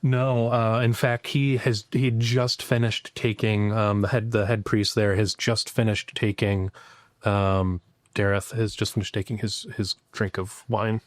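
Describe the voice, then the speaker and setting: A man narrating as game master, describing scenes in a halting way with frequent fillers. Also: lowish voice, little pitch movement, no room sound, clean studio sound.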